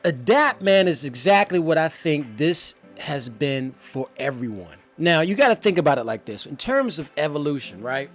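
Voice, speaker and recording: A man's voice: fairly high pitch, sing-song, normal speed, few pauses, fairly bright tone, faint music behind. A young man hosting his own vlog from home, talking straight to viewers in a loose, slangy, conversational way. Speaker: vlog host. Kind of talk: casual talk to camera. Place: home room, indoors.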